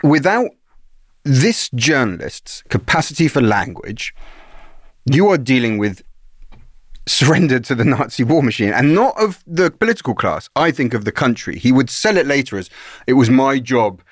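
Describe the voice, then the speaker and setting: A man's voice: medium pitch, sing-song, moderate pace, dry recording. A middle-aged man talks through ideas on a podcast in an analytical, explaining way. His voice sits in an ordinary middle register. The sound is close and dry, with no room around it. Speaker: podcast co-host. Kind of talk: conversational history podcast.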